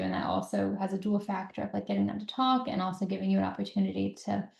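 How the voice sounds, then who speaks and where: A woman's voice: medium pitch, monotone, fast talker, creaky, few pauses, a little mellow. A woman hosting a podcast interview, affirming and summing up her guest's points. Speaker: podcast host. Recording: echoey room.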